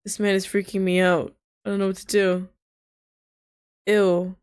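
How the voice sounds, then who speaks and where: Young woman, unhurried delivery, dry close sound, reads a story game aloud, shocked swearing asides. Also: medium pitch, flat delivery, a little mellow, clear, resonant tone, no room sound. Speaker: gamer reading a visual novel aloud. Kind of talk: let's-play narration with reactions.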